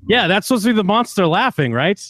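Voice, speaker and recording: A man's voice: sits high, very animated, quick pace, heavy background noise. A man co-hosting a podcast, retelling events in a loose casual chat full of fillers. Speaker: podcast co-host.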